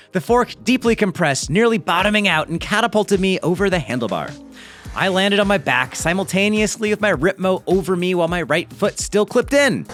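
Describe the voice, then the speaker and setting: Lively chatty man with animated pitch. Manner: lively, chatty, jokey asides. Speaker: mountain bike video host. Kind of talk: reading a viewer's story aloud with commentary.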